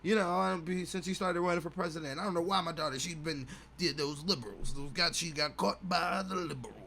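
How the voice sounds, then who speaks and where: A man's voice: fairly high pitch, brisk, creaky, pushed and bright, pitched above the performer's own voice. A man voicing a bitter, self-pitying divorced middle-aged dad who rants about his lot, with faint hum behind. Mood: aggrieved whining. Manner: aggrieved self-pitying rant.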